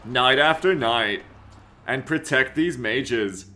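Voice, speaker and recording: A man voicing a grave epic trailer narrator, reading in a slow, drawn-out dramatic way. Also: medium pitch, sharp tone. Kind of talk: mock-epic reading of a game intro.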